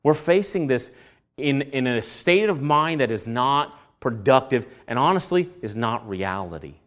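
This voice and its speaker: A man's voice: animated, measured pace. Man preaching with rhetorical questions. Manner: asks rhetorical questions and answers them; acts out quoted voices with big jumps in pitch and loudness. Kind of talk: sermon.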